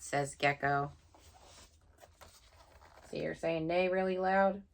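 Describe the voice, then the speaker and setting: A woman reading a picture book aloud at bedtime, gentle and pausing to point things out to the listener. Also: low voice, steady tone. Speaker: storybook reader.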